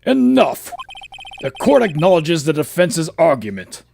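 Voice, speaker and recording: Formal old game judge, gravelly and lively in pitch, as a man puts him on. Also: measured pace, slight background noise, heavily acted. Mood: stern. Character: stern older male judge.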